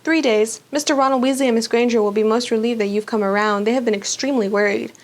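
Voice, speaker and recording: A woman voicing a calm, kindly old male headmaster wizard who speaks gently and courteously. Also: on the high side, fast talker, close to an everyday voice.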